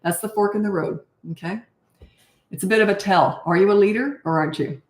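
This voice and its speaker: An older woman coaching parents in a blunt, animated way, answering questions and acting out how to talk. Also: medium pitch, fairly quick, echoey room. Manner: blunt, animated, acts out parent and child voices.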